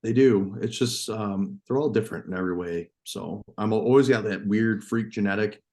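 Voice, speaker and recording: A man from New York, a farmer and hunter, telling a story as a podcast guest, excited and profane. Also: fairly low pitch, normal speed. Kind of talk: casual storytelling.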